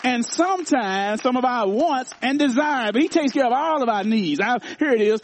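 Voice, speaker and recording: A man's voice: extremely high pitch, animated, normal speed, few pauses. A man preaching a sermon, repeating phrases for emphasis and calling out to his congregation. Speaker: pastor. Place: church.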